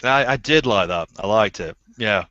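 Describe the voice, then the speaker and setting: A male host rambles through a casual interview, giggling often and tripping over his words. His voice is bright and clear. The sound is dry and somewhat dull, like a lo-fi call. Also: on the low side, lively intonation, moderate pace, no echo. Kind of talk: casual chat.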